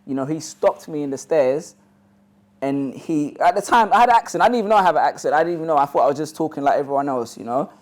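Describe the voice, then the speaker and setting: A man's voice: on the high side, lively intonation, fast talker. A man with a London accent, originally from Ghana, telling a personal story to a live audience in a loose, conversational way that is full of "you know" asides. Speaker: motivational speaker.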